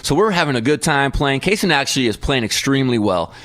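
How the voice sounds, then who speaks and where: A man's voice: mid-range voice, animated, fast, a bit bright, no echo, clean studio sound. A man in his thirties, a podcast co-host telling a long story in casual chat and acting out the voices in his quotes.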